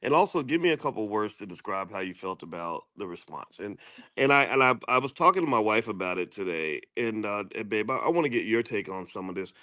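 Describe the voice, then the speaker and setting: A middle-aged man hosting, talking in measured, thoughtful, halting commentary with his wife. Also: fairly low pitch, lively intonation, pushed and bright, no room sound. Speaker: host.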